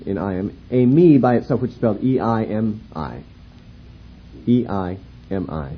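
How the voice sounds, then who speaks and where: A man teaching a Bible lecture in a measured, explanatory way, pausing to spell out and repeat words. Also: lowish voice, animated, lo-fi sound, slight background noise.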